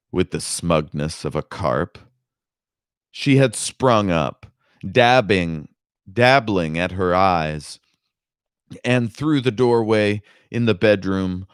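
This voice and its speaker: A man reading a novel aloud as narrator, in a deliberate, measured way. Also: low-pitched, clear, resonant tone, dry recording, clean studio sound. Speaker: podcast host reading a novel. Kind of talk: audiobook narration with commentary.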